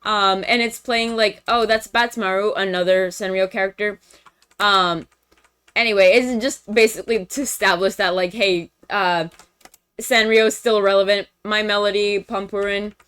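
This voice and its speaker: A woman's voice: medium pitch, fairly even intonation, moderate pace, a bit bright, clean tone. Chatty young woman recapping a movie. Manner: chatty, filler-heavy, slangy. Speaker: streamer presenting to friends.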